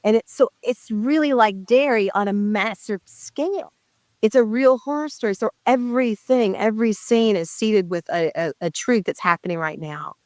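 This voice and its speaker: A woman's voice: medium pitch, normal speed, no room sound. Earnest woman actress in interview. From Indigenous community in North America. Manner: earnest, reflective, searching for words. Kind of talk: press interview.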